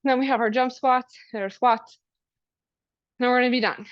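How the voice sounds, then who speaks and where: A woman's voice: a little high, fairly even intonation, normal speed. A woman coaching a workout class, giving upbeat, encouraging cues and countdowns, a little out of breath. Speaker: fitness coach. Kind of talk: live workout class instruction. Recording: dull lo-fi recording.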